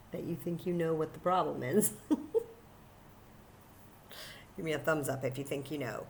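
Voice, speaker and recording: A woman librarian reading a picture book aloud at children's story time, animated and enthusiastic, talking to the kids. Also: deep voice, a little hiss or hum.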